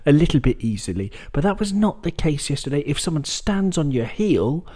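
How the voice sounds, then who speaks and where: A man's voice: on the high side, very animated, a little fast, mellow. Wry man chatting about football. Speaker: podcast co-host. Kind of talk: casual football chat.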